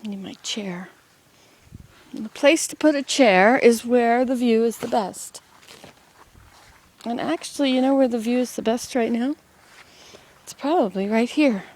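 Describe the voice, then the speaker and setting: A woman's voice: fairly high pitch, measured pace, long pauses, a little mellow. A woman vlogging casually from home and garden, chatting in a meandering way to the camera and to herself. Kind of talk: casual rambling vlog.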